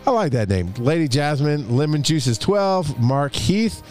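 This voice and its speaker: A man's voice: a little high, sing-song, unhurried, darkish tone, soft background music. A man co-hosting a podcast in casual, upbeat chat, laughing often as he signs off. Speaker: podcast co-host.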